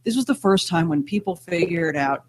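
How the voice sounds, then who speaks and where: A woman's voice: fairly low pitch, animated, normal speed, darkish tone, slight background noise. A woman co-hosting a casual podcast chat, wry and chatty, laughing often. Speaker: podcast co-host.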